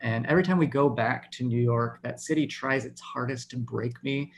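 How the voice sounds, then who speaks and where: A man in his thirties from Texas performs a stand-up set over a video call, making self-deprecating jokes and laughing at them himself. His voice is mid-range and his pace moderate.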